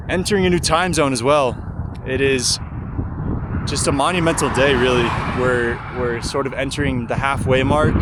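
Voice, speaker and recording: A man talking casually in an upbeat, reflective way while on a long walk outdoors. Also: medium pitch. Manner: earnest, upbeat and reflective, with small laughs. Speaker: long-distance walker vlogging his journey. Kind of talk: casual vlog monologue. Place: outdoors by a roadside. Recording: outdoor recording with loud wind noise.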